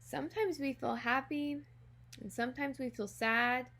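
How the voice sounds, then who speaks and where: A woman teacher reading a children's picture book aloud, gently and expressively, talking directly to young listeners. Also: high voice, fairly even intonation, normal speed. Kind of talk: children's storybook read-aloud.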